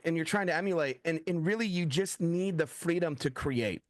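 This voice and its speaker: In clean studio sound with no echo, a high-pitched, brisk voice moves along with few pauses. It belongs to a middle-aged American thriller writer giving a casual interview, spinning lively stories, voicing quoted lines, and leaning on "like" a lot.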